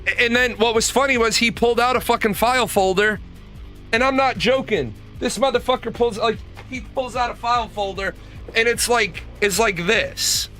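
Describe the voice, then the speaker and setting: Bright, high-voiced blunt storyteller man. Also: normal speed, faint music behind. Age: middle-aged. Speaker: host. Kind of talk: casual storytelling monologue.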